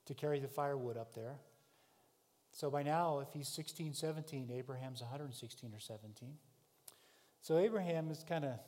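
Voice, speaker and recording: A man preaching a sermon with a slightly raised pitch. He tells the story dramatically, swinging between loud passages and hushed ones. His voice carries a long reverb from a large hall. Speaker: pastor.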